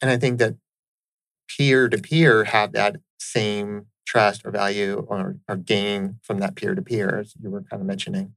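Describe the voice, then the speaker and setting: A man's voice: fairly low pitch, flat delivery, measured pace, creaky, fairly bright tone, no echo, poor audio. A man hosting a conversational interview, earnest and affirming, often checking in with "right?". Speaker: interviewer host.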